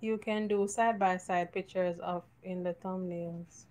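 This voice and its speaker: A woman's voice: on the low side, fairly even intonation, measured pace, darkish tone. Giggly Jamaican woman cooking host. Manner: playful, giggly, joking. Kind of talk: casual live cooking chat. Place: home kitchen.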